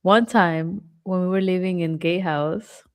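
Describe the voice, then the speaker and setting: Woman, 30s, podcast co-host, lowish voice, chatty, candid. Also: steady tone, unhurried, clean tone. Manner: chatty, candid, many fillers. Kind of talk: casual chat.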